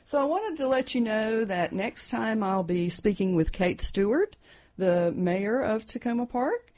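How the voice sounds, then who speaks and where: A middle-aged woman hosting a community radio interview, encouraging her guest with short affirmations and gentle follow-ups. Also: on the high side, animated, measured pace. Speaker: host. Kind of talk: casual radio interview chat. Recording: dull lo-fi radio recording.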